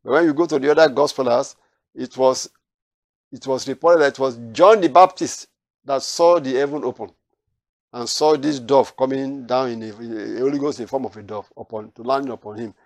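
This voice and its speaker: A man's voice: medium pitch, normal speed, no echo. A man teaching a Bible study, reading verses aloud and then explaining them, with frequent restarts.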